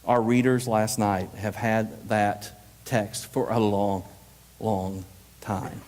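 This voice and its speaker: A man giving a lively, joking workshop talk at a conference, acting out readings in mock voices. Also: fairly low pitch. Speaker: workshop presenter. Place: conference hall. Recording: live hall with long reverb.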